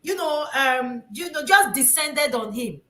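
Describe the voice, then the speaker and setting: A woman hosting a casual discussion, talking haltingly with many fillers and restarts. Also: high-pitched, animated, bright, forceful tone. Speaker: talk show host. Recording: echoey room.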